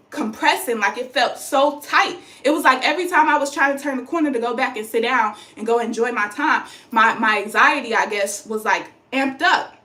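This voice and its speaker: High, bright-voiced woman telling a story. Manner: animated, acts out the voices of people in her story. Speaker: vlogger. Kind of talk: casual storytelling to camera. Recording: echoey room.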